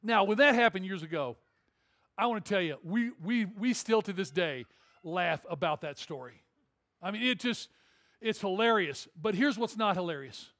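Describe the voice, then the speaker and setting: A male pastor preaching a sermon in a church, telling a story in an animated, conversational way with jokes. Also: high-pitched. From Detroit area. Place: church auditorium.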